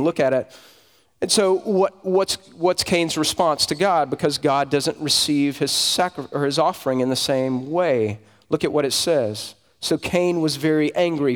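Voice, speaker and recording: A male pastor preaching a sermon in a conversational way, asking the congregation rhetorical questions. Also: on the high side. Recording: long hall reverb.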